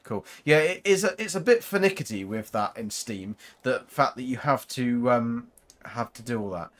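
Brief: gaming host, rambling casual commentary, animated pitch, mid-range voice. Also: male voice, normal speed. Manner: rambling, chatty, talks to viewers.

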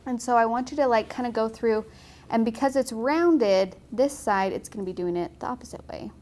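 A young woman giving a casual, chatty watercolor painting tutorial, encouraging and quick to laugh. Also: on the high side, darkish tone. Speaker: watercolor instructor.

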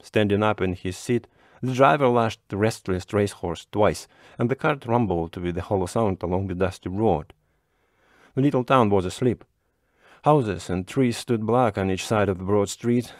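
Male storybook narrator, low, measured and unhurried, dry close sound. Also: darkish tone, dry recording.

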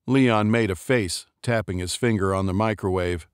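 Low-voiced man narrating a story. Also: fairly even intonation, unhurried, hardly any pauses, dry recording, clean studio sound. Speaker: audiobook narrator. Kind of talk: scripted narration.

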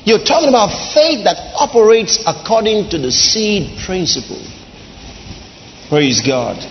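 A male pastor preaching a sermon, dramatic, swinging between soft drawn-out lines and shouts. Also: high-pitched, lively intonation, slight background noise. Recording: dull lo-fi sound in a large reverberant hall.

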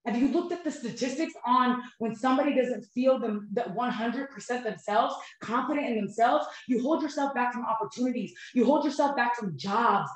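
A woman talks straight to her viewers, animated and heartfelt, calling them "you guys." Her voice sits a touch high. It rings with heavy echo from a bare room. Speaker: host of a couples health channel. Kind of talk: emotional personal talk to viewers. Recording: very echoey room.

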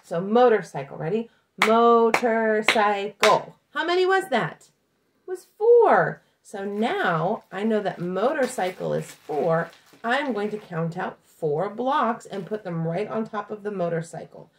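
A woman's voice: medium pitch, animated, normal speed. A woman teaching a children's lesson, talking patiently in a sing-song teacher voice to young kids.

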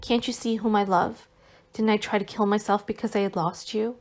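A woman's voice: mid-range voice, steady tone, fairly quick, darkish tone, lightly acted. A woman reading as a weary, tender young man. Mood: tender, reproachful. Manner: tender, reproachful. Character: gentle weary young man, recovering invalid. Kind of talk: audiobook dialogue reading.

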